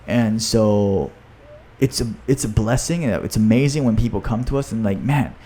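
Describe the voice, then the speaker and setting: A man's voice: lowish voice, normal speed, mellow. A man hosting a podcast in a casual, enthusiastic talk, often adding "you know" and "right?". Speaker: podcast host and author.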